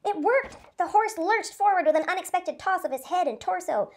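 A teacher reading a story aloud to her class, in a lively, expressive way. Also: extremely high pitch, a little fast, hardly any pauses.

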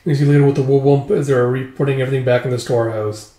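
A man's voice: mid-range voice, fairly even intonation, rapid-fire, dark tone. A man recapping a manga in a casual vlog, rambling with lots of "it's like" and "just, like" between his summaries. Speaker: manga reviewer. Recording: roomy echo.

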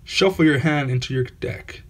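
A man with a mid-range, fairly bright voice hosts his own channel, opening trading card packs at a moderate pace. His unboxing commentary is casual and awestruck, with the same exclamations repeated over and over.

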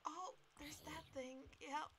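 A woman talks through her game as she plays it, chatty and reactive, with sudden high yelps. Her voice sits a little high and her speech is slow and drawn out. The recording carries clear steady noise under her voice. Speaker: gamer. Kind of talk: let's play commentary.

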